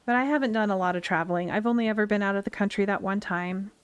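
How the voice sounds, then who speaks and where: A woman's voice: medium pitch, fast talker, smooth, lo-fi sound. A woman from the United States with a Western twang, chatting and rambling through stories while she streams a game. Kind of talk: casual chat while playing a game. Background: faint game music.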